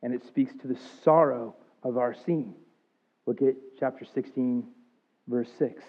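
A man's voice: medium pitch, steady tone, unhurried. A man in his thirties preaching a sermon, earnest and confessional, rising to emphatic outbursts. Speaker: pastor. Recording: thin phone-like sound.

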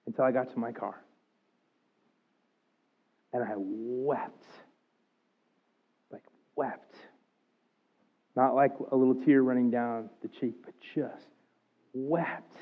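A man's voice: mid-range voice, normal speed. A man in his thirties preaching a sermon, earnest and confessional, rising to emphatic outbursts. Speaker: pastor. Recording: thin phone-like sound.

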